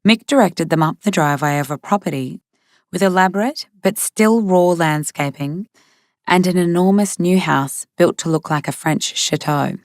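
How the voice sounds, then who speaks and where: A woman reads an audiobook in a measured, steady manner. Her voice sits somewhat low. The studio sound is close and dry, with no room around it. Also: no room sound. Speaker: audiobook narrator. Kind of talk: scripted narration.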